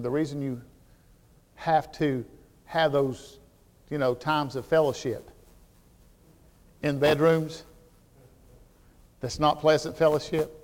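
A man preaching a sermon as pastor, telling animated stories that build to near shouts. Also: on the high side, takes it slowly, long pauses, in a large hall.

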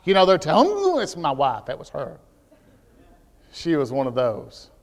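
A man preaching a sermon as pastor, telling animated stories that build to near shouts. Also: a little high, normal speed, in a large hall.

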